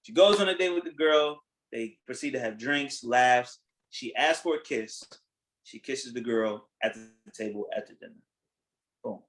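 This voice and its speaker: A man hosting a podcast in casual chat, retelling a reality show in a blunt, animated way, acting out what people said and swearing freely. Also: mid-range voice, moderate pace, low-quality recording. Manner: animated storytelling, acting out quotes. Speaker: podcast host.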